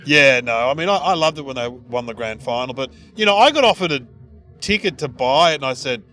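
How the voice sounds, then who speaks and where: A middle-aged Australian man hosts a casual comedy podcast over soft background music, speaking fairly quickly. An animated storyteller, he jumps into high-pitched voices for the people he quotes.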